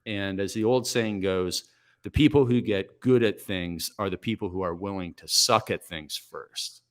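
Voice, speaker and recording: A man in his forties, a coach guest on a podcast, telling stories in a brisk, energetic, self-reflective way. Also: low voice. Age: 40s. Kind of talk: podcast interview, storytelling.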